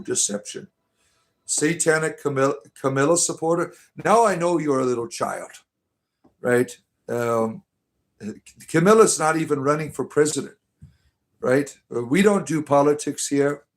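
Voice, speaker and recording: A man's voice: medium pitch, a little slow. A middle-aged man hosting a casual livestream, reading chat aloud and answering with sarcastic, mock-preachy remarks and frequent filler words.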